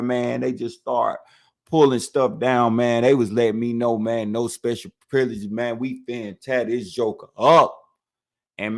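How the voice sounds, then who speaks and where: A man telling his own prison story in a casual, animated way, dropping "man" after nearly every phrase. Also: fairly low pitch.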